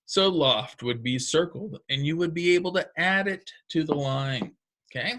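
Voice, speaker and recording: A man's voice: on the high side, moderate pace, fairly bright tone. A man teaching second graders a recorded phonics lesson, patient and encouraging, explaining step by step.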